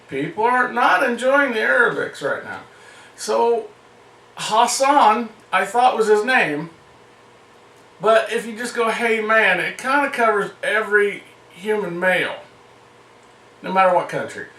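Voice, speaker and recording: A man's voice: high voice, expressive, measured pace, pushed and bright, roomy sound, recorded from a distance, low-quality recording. A man telling a comic story in a loose, profane way, often laughing.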